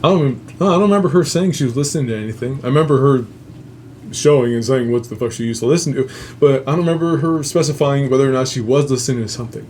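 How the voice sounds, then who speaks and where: A man's voice: mid-range voice, fast, darkish tone, slight background noise. Profane rambling man telling a story. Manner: profane, rambling, laughs at own jokes. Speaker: host. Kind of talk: casual storytelling.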